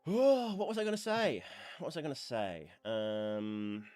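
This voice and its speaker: A man's voice: mid-range voice, measured pace, a little mellow, dry recording, faint music behind. A man talking casually on his livestream, rambling with lots of fillers, a bit stuffy from blowing his nose. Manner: rambling, chatty, with many fillers. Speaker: streamer.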